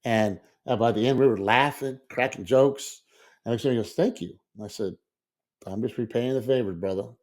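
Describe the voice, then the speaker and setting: A man's voice: medium pitch, moderate pace, darkish tone. A middle-aged man telling a rambling story in casual podcast chat, acting out the quotes. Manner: rambling, repeats words, acts out quotes. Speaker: podcast co-host.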